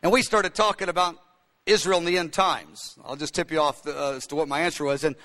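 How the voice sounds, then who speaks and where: A man's voice: fairly high pitch, steady tone, a little fast, pushed and bright. A man preaching a sermon, telling a story with many fillers and restarts. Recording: long hall reverb.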